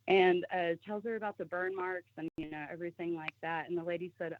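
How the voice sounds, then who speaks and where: A woman's voice: lowish voice, a little fast, few pauses, dry recording. A woman telling a personal story in casual talk, acting out the voices of the people in it. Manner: animated, acts out the voices of people in her story. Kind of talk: casual storytelling on a call-in show. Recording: tinny phone line, dry.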